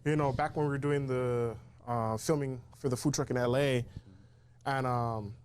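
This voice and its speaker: A man's voice: mid-range voice, steady tone, normal speed, a little mellow, clear, resonant tone. A man who runs a food truck, talking earnestly in a casual interview and leaning on "you know". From Hawaii. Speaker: guest, food truck owner.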